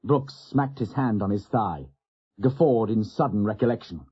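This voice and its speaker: Husky male audiobook narrator. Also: lowish voice, expressive, normal speed, warm tone, lo-fi sound. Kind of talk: scripted narration.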